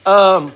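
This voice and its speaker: A man hosts a casual live chat in a high, slightly bright voice. He has a cold that leaves him congested and coughing, and he talks haltingly, frequently starting over and repeating words.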